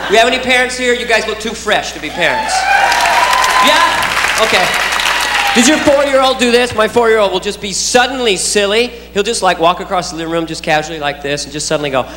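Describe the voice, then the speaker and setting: A man's voice: high voice, lively intonation, fairly quick, background noise. A man doing a stand-up routine, playful and chatting with the audience. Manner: playful, talks to the crowd, does silly kid voices. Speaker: stand-up comedian. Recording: roomy live recording with a loud crowd.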